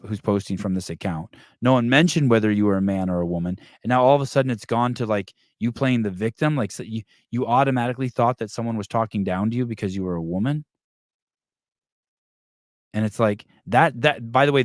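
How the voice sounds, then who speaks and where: A man's voice: fairly low pitch, dry recording, studio quality. A man hosting a podcast in casual chat, reading live comments and ranting in a rambling, profane way with many restarts. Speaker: podcast host.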